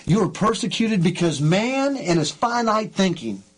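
A male talk show host speaking fervently and excitably, often repeating himself. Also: sits high, normal speed, slight background noise. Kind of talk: emotional radio interview.

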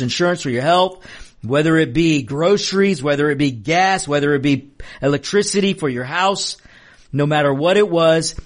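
A man delivers an impassioned commentary monologue, his voice sitting a little high and swinging widely in pitch. He presses his points hard, repeating phrases for emphasis. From Mexican American. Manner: passionate and emphatic, repeats lines for stress. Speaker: political commentary host. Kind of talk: opinion monologue.

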